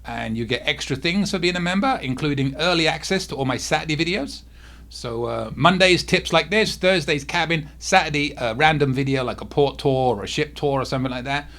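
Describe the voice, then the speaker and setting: A man with a slightly high voice gives cruise tips to camera from home. He keeps it soft because his face hurts to move, and he keeps breaking off to deal with a cat that will not settle. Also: a little fast. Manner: talks softly, easily distracted by a restless cat. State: sore face, sore to talk. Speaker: cruise vlog host. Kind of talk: casual to-camera vlog.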